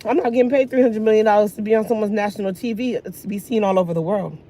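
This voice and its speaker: A woman in her thirties ranting casually while getting ready, sassy and animated, talking with food in her mouth. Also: mid-range voice, fast talker, a little hiss or hum. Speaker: hair care vlogger.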